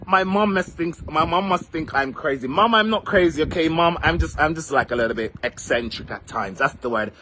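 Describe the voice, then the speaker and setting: A man's voice: a little high, fairly quick, few pauses, bright, forceful tone, faint music behind. A man with a Jamaican accent chatting on a live stream from outdoors, playful and theatrical, greeting viewers by name and repeating phrases in a sing-song way. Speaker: vlogger doing a live stream. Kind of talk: casual live-stream chat. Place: outdoors in the rain.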